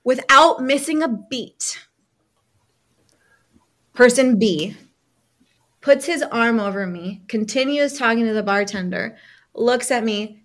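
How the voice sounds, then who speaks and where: A woman, a healing coach, telling a personal story as a podcast guest, lively, acting out other people's lines and using many casual fillers. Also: fairly high pitch, slow pace, long pauses.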